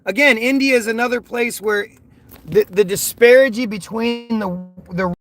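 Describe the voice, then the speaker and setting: A man's voice: very high-pitched, normal speed, a bit bright, faint music behind. A man from the United States livestreaming from a car as he drives, reading viewers' chat aloud and ranting in rambling, repetitive talk. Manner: rambling, repeats words, ranting. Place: inside a car while driving. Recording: car and road noise behind.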